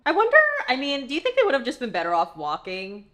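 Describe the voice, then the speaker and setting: A woman's voice: on the high side, wildly swooping pitch, quick pace, fairly bright tone. A woman casually reacting to a TV episode, chatty and emotional, with lots of filler words. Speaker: TV show reaction host.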